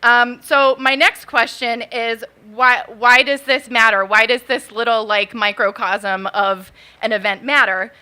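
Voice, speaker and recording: A woman in her thirties tells a true story on a bar stage, talking into a mic. She sounds nervous and chatty, and her many fillers keep her casual. Her voice is bright and fairly high. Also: steady tone, a little slow, few pauses, clean tone. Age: 30s. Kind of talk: live spoken storytelling. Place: bar stage at a live event.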